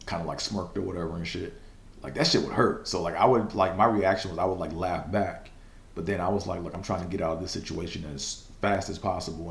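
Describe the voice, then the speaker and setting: A young man with a very low voice hosts a casual solo podcast, rambling loosely through a personal story. He leans on fillers and curses, and stumbles into a stutter now and then. The sound carries a roomy echo. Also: slight background noise. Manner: stutters at times. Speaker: podcast host.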